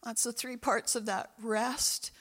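A woman's voice: a little high, level tone, takes it slowly, fairly bright tone. A woman pastor preaching a sermon and praying, impassioned and repeating phrases for emphasis. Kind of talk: sermon with prayer.

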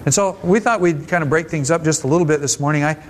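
A man's voice: fairly high pitch, fast talker, a little hiss or hum. A man preaching a conversational, folksy sermon at a church service, often restarting his phrases. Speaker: pastor.

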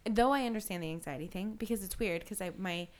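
A woman's voice: mid-range voice, fast. Woman in her thirties, casual chat, rambling, self-deprecating, frequent laughs, faint background noise. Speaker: podcast co-host.

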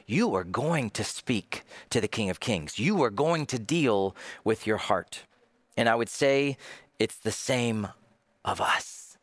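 A man's voice: mid-range voice, a bit bright, dry recording. A male pastor preaching a sermon, dramatic, acting out the voices he quotes.

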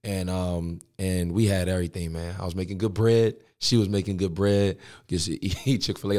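A young man, a pastor, telling a personal story in a podcast interview, slangy and animated. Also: deep voice, normal speed, few pauses.

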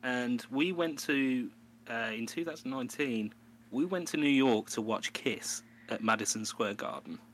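A young man chats on a podcast, his voice bright and forward. He tells stories animatedly and laughs often. A faint hum runs under the recording. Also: mid-range voice, a little slow. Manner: animated storyteller, laughs often, breaks into a put-on New York voice. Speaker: podcast co-host. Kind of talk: casual chat.

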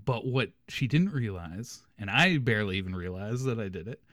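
A man's voice: fairly low pitch, animated, moderate pace, a bit bright, dry recording, clean studio sound. A young man hosting a podcast, telling a funny story casually and animatedly, laughing as he goes. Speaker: podcast host.

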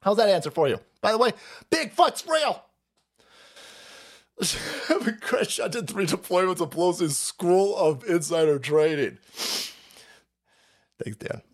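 Animated, mocking male stream host. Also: high voice, takes it slowly, pauses often. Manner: crude, mocking, puts on voices for quotes; reads chat messages aloud. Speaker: livestream host. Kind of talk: profane political rant stream.

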